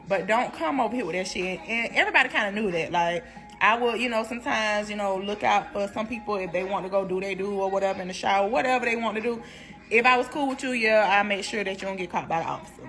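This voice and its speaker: A young woman telling a prison story in a storytime vlog, animated and slangy, laughing as she goes. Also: mid-range voice.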